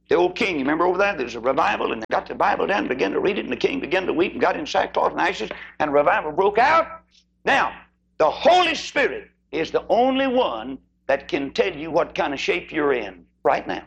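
Preacher, male, gravelly and husky, higher-pitched than most men, impassioned sermon delivery with big pitch swings. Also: sing-song, fairly quick, fairly bright tone, dull audio. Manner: impassioned, sweeping pitch swings, acts out voices in stories.

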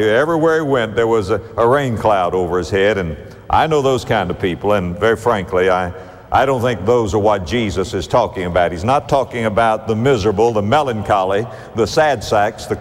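A man preaching a sermon in a church, slowing down for emphatic quotes and dropping his voice at key words. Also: medium pitch, big-room sound. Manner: dramatic preaching with wide swings and slow emphatic quotes.

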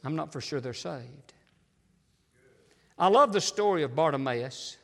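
Male pastor, fiery preaching, shouts then hushes, slightly high voice, long church reverb. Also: lively intonation, a little slow, creaky. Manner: shouting preacher, swinging from loud cries to near-whispers. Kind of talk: fiery sermon. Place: church sanctuary.

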